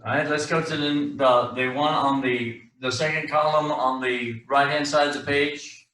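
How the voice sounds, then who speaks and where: A man teaching a class, his speech halting and full of restarts with the odd joke. His voice is bright and forceful. He sounds set back from the mic in an echoey room. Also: fairly high pitch, steady tone, distant mic. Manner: halting, many restarts and fillers, joking. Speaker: Hebrew teacher.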